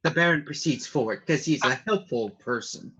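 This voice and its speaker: A man's voice: a little high, lively intonation, moderate pace, fairly bright tone, husky, lo-fi sound. A man playing a tabletop game, mixing playful remarks with formal in-character lines. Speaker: player.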